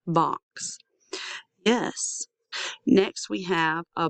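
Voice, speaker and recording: A woman teaching a young children's phonics lesson, sounding out letters slowly and repeating handwriting chants. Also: low-pitched, steady tone, fairly bright tone, smooth, dry recording. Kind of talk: early-years phonics lesson.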